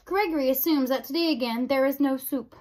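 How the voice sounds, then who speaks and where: A woman voicing an odd old male jailer who talks in gruff, clipped phrases. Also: high voice, fairly quick, darkish tone, close to an everyday voice.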